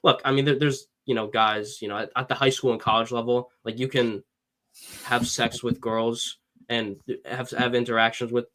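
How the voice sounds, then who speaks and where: A man giving dating advice as a coach in a casual podcast chat, animated, acting out quotes and swearing casually. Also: mid-range voice, moderate pace.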